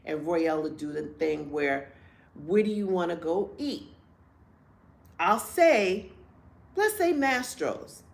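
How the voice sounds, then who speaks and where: Blunt, animated woman telling a story. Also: fairly low pitch, takes it slowly, creaky, pauses often. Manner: animated storytelling, acts out quotes, blunt and profane. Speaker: podcast co-host. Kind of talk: candid casual chat.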